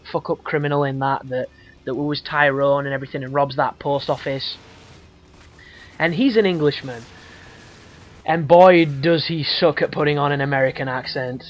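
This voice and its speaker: A man giving casual, rambling gameplay commentary, swearing freely and laughing often. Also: on the high side. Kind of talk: casual let's-play commentary. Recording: dull lo-fi audio.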